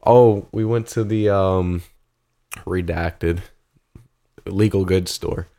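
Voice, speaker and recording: A young man with a somewhat low voice talks loosely with his co-host. He tells stories in relaxed, profane banter and laughs easily. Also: takes it slowly, vocal fry. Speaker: podcast co-host. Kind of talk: casual chat.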